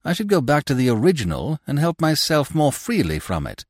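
A man's voice: a little high, huge pitch swings, fairly quick, dry recording, voice pushed up, exaggerated voice. A man voicing a bland, witty young man who speaks with unruffled, dry irony. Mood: wry.

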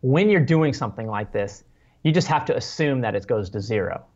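A man's voice: medium pitch, expressive, a little fast, darkish tone. A man co-hosting a podcast, talking earnestly and often restarting his sentences. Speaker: podcast co-host. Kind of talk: casual chat. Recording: dull lo-fi audio.

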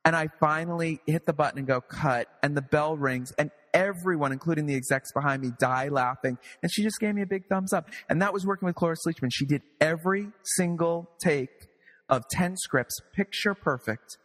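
A man who is a playwright and director, guest in a casual interview, telling lively anecdotes with some swearing and acting out other people's lines. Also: fairly high pitch, fairly quick, in a large hall. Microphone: video call.

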